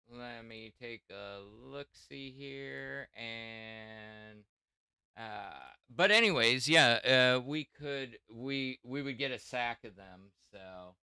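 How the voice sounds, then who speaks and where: A man's voice: medium pitch, extremely slow, sharp tone, clean tone, dry recording, clean studio sound. A middle-aged man hosting a casual tech chat, rambling with many restarts and fillers. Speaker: podcast host.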